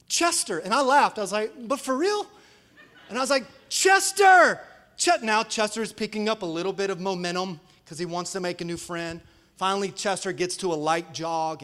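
A male pastor with a high, bright voice tells stories in a sermon, acting out quotes animatedly with shouts and laughter. He's in a church sanctuary, and the hall gives a long reverb.

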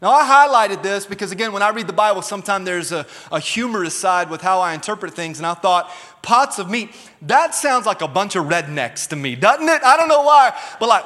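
A man's voice: sits high, big pitch swings, normal speed, sharp tone. A man preaching a sermon as pastor, emphatic and calling on the congregation to respond. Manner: emphatic, calls for audience response. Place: church auditorium. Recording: long reverb of a large hall.

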